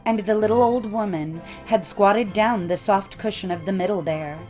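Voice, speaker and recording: A woman reading old folk tales aloud in a measured storytelling cadence. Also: mid-range voice, mellow, soft background music. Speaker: narrator. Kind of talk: scripted storybook narration.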